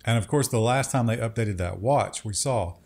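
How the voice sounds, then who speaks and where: A man with a somewhat low voice co-hosts a tech news show. He talks casually and drops wry jokes between the headlines. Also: normal speed, creaky, a little mellow. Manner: wry, joking asides. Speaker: co-host.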